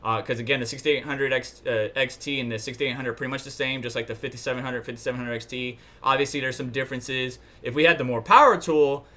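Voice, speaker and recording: A man's voice: mid-range voice, steady tone, fast talker, hardly any pauses, pushed and bright. A man from New York hosting a casual livestream, rambling and thinking aloud while he browses charts and checks chat. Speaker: livestream host.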